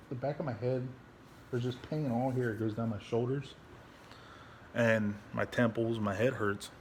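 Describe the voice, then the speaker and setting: A young adult man, a veteran, talking candidly at home into his phone, frustrated and halting, swearing a lot and restarting his sentences. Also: medium pitch, a little hiss or hum. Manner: frustrated, rambling, heavy swearing. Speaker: veteran vlogger. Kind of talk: candid personal vlog.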